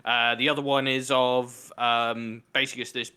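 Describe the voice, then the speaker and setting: A young man with a mid-pitched, bright, forward voice, explaining things plainly in casual podcast chat. His delivery stays matter-of-fact. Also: level tone, moderate pace, smooth. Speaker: podcast co-host.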